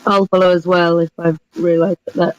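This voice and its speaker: A woman's voice: fairly low pitch, little pitch movement, a little fast, lo-fi sound. A woman playing a tabletop game, thinking aloud tentatively. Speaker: player. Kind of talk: in-character tabletop chat.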